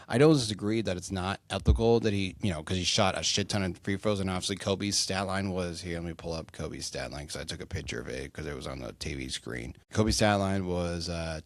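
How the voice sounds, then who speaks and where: A man's voice: sits low, no echo. A young man hosting a solo sports podcast, rambling casually with lots of fillers and swearing. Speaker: podcast host.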